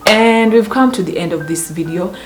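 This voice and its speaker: A woman's voice: mid-range voice, normal speed. A woman vlogger giving casual motivational advice to the camera, emphatic and repeating her phrases, with playful asides. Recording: echoey room with background music.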